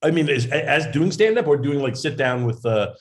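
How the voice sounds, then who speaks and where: A man's voice: a little high, lively intonation, moderate pace. A man, a comedian and actor, telling rambling self-deprecating stories as a guest over a video call. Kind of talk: casual interview storytelling.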